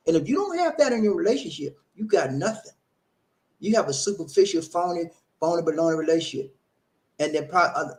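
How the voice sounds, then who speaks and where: A man speaking, hosting a casual relationship advice talk, preachy and repetitive, full of rhetorical questions. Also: on the high side.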